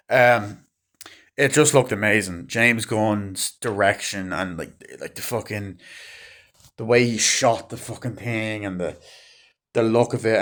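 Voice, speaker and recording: Rambling, swearing young man, fairly low voice. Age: 20s. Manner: rambling, swears often, goes off on tangents. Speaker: movie vlogger. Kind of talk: casual rambling monologue. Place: at home late at night. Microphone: phone camera.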